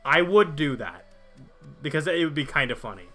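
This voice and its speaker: Young guy streaming, joking w chat, kinda bright highish voice. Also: very animated, normal speed, soft background music. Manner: joking, rambling, reads chat aloud. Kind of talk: casual chat with stream viewers.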